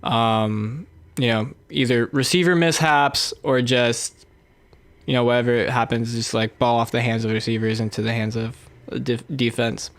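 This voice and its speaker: A young man co-hosting a podcast, talking sports in a measured way with many fillers and hedges. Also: mid-range voice, steady tone, no echo. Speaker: podcast co-host. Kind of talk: casual sports chat.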